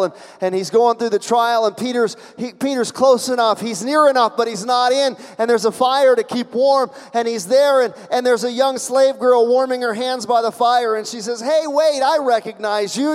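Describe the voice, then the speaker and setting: A pastor preaching a sermon, telling the story dramatically and swinging between loud and hushed. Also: male voice, very high-pitched, in a large hall.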